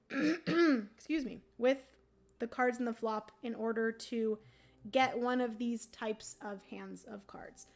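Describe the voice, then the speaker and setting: A woman hosts a board game livestream, casually explaining the rules with lots of ums as she thinks aloud. Her voice is a little high and throaty from the morning, and she keeps clearing it.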